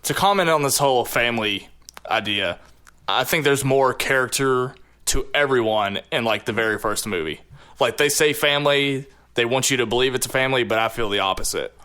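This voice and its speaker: A man hosting a casual movie podcast, laughing often and jumping between quick asides. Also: medium pitch, pushed and bright, smooth. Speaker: podcast host. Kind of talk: casual chat.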